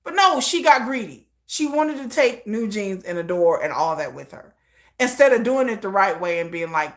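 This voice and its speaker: A woman's voice: medium pitch, sing-song, moderate pace. A woman hosting a livestream in casual commentary style, talking bluntly and emphatically with slang and swearing. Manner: blunt, emphatic and opinionated, with frequent laughs; slangy and profane. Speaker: livestream host.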